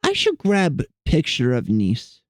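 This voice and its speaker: A man's voice: mid-range voice, wildly swooping pitch, unhurried, no room sound, studio quality. A man streaming and chatting casually with his viewers, rambling and self-deprecating as he greets people in chat.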